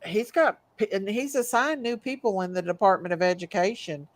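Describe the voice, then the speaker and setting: A woman's voice: mid-range voice, moderate pace, no echo. Stubborn woman giving short replies, dry sound. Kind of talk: casual political chat.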